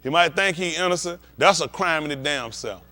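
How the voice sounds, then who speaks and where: A man's voice: a little high, fairly quick, pushed and bright. A man, a pastor, telling a comedic, profane story to his congregation, acting out scenes and asking the crowd if they understand.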